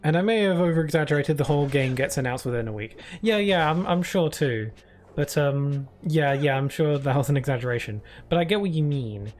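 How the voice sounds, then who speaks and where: A man's voice: a little high, animated, fairly quick, a little mellow. A man streaming live, chatting casually through rambling stories full of fillers. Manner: rambling anecdotes with many fillers.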